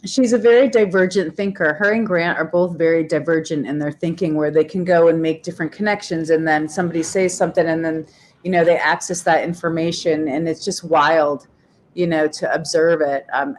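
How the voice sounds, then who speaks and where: Animated woman guest chatting. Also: low voice, fairly quick. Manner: animated, laughing, quotes in acted voices. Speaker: regular guest. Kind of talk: casual chat.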